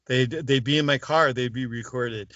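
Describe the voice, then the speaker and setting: Male interview guest, mid-pitched, storyteller who acts out quoted voices; dry, dull lo-fi recording. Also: normal speed, a bit bright, no room sound. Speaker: interview guest, former mobster turned informant.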